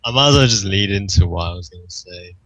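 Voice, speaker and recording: A man's voice: low-pitched, lively intonation, fast, a bit bright, poor audio. A young man co-hosting a podcast in casual chat, stumbling and repeating his words. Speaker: podcast co-host.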